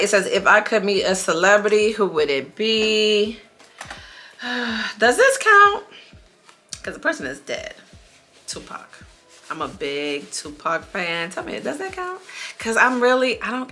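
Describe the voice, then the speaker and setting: A woman's voice: mid-range voice, animated, normal speed, bright, forceful tone, faint music behind. A woman, chatting casually to viewers while doing her makeup, a bit dramatic. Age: 40s. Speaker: beauty vlogger.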